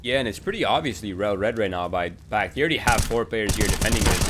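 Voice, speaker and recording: A male esports caster with a fairly low voice calls the action in a relaxed, bantering way. His calls climb when the play heats up, and faint game gunfire sits under his voice. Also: fairly quick. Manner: casual, bantering, rising to excited calls. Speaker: esports commentator. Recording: game gunfire noise behind. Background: game gunfire and clicks.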